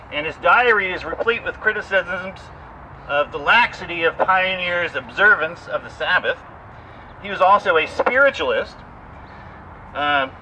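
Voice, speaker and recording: Brief: male tour guide, bright ringing tone, theatrical reader, outdoors with faint street noise. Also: fairly high pitch, rough recording. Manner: theatrical recitation, laughing at the verse. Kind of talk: reading a comic poem aloud, then outdoor tour talk. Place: outdoors in a cemetery.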